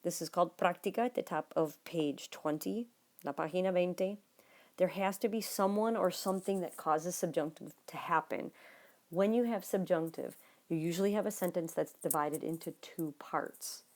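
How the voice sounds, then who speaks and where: A woman teaching Spanish, explaining grammar notes patiently and speaking straight to her students, sometimes dropping to a quiet murmur as she writes. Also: moderate pace. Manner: drops to a low, near-whispered aside while writing. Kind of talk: recorded classroom lesson notes.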